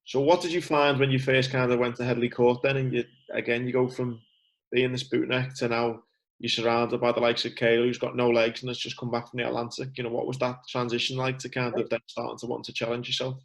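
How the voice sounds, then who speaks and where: A man hosting a podcast interview, asking questions in a relaxed casual way. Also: medium pitch, fast talker, low-quality recording. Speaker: podcast host.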